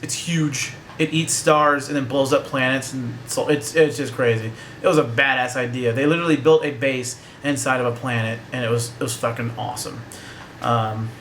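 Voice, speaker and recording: A man's voice: mid-range voice, a bit bright, slight background noise. A young man giving a casual, joking, profane movie review that rambles along.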